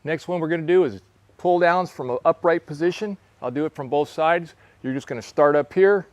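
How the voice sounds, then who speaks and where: A man's voice: fairly high pitch, brisk. A man in his sixties, close to seventy, demonstrating fitness exercises for fly fishers, plain-spoken and coaching as he moves. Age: 60s. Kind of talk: casual instructional demo. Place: outdoor covered veranda in a park.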